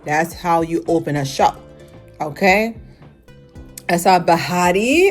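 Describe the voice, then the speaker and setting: A young woman casually reviewing a fashion show, chatty and animated, with lots of filler words and sudden high exclamations. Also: a little slow, pauses often, faint music behind. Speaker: vlogger.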